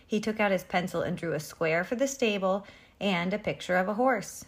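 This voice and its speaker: Reading from a children's picture book, a woman brings the story to life in an animated, expressive style. She speaks in a mid-range voice at a moderate pace.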